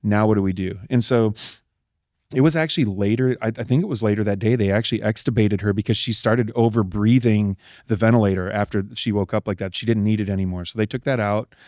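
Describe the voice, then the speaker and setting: Speaking at a quick pace in a low-side, slightly mellow voice, a middle-aged man from Texas tells an interviewer about an emotional ordeal his family went through. He's a guest and a husband, earnest in his storytelling and leaning on many fillers. The audio is studio quality and dry.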